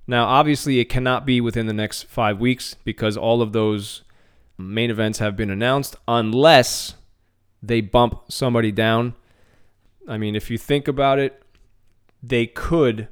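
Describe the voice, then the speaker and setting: Smooth-voiced excitable man talking MMA. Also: medium pitch. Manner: excitable, repeats words and restarts phrases. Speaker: podcast host. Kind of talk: casual MMA news commentary.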